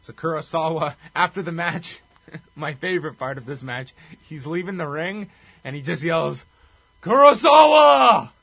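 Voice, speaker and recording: A man's voice: a little high, normal speed, pushed and bright, breathy edge, no echo. A man co-hosting a casual podcast, recapping a wrestling show with a wry, chuckling delivery. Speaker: podcast co-host.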